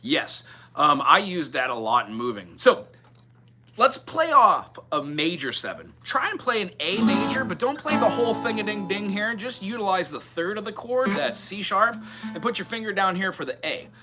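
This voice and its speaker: A man's voice: high-pitched, sing-song, moderate pace. A man from the mainland United States teaching guitar in a live-streamed lesson, chatty and thinking aloud as he scats melodies. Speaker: music teacher. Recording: loud guitar under the voice. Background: guitar playing.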